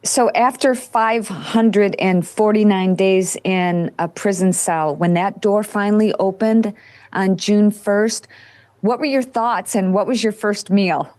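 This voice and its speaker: A woman's voice: medium pitch, slow pace, darkish tone. A woman hosts an interview in a mid-range voice. She puts direct, pointed questions to her guest. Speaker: interview host.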